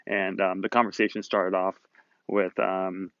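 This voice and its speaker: His voice sits low, with little pitch movement and an unhurried pace, and the highs are cut off. He's the host of a Southern California motivational video series, chatting upbeat to the camera in a casual monologue and wandering slightly while recounting a conversation.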